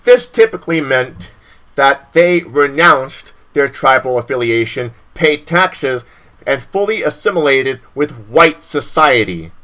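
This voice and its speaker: A man's voice: mid-range voice, lively intonation, measured pace, sharp tone, poor audio. A young man hosting a stream, ranting in a profane, repetitive way and reading aloud, stumbling over hard words. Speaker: stream host. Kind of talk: heated political rant and reading aloud.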